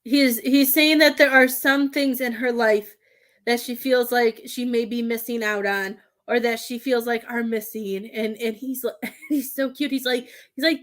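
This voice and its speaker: A woman giving a live psychic reading as a medium, talking in halting, rambling bursts with many restarts. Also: fairly high pitch, steady tone.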